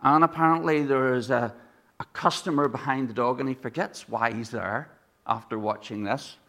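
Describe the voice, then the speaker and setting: A man's voice: mid-range voice, moderate pace, creaky, bright, forceful tone. A man from Ireland with an Irish accent, preaching a sermon in a conversational way, telling stories and asking the congregation rhetorical questions.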